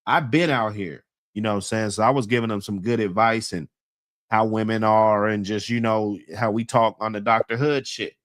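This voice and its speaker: A man's voice: on the low side, fairly even intonation, normal speed, fairly bright tone, no room sound, studio quality. A man casually telling a long story in heavy slang, rambling with many fillers and laughing often as he talks.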